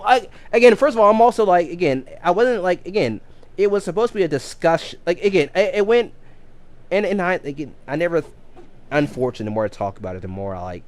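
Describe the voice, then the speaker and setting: A man in his thirties talks casually to his stream audience. He rambles, restarts his sentences and repeats words as he goes. His pitch swings up and down a lot. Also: very animated, fairly quick. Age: 30s. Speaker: game streamer and coach. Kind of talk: casual chat on a live stream.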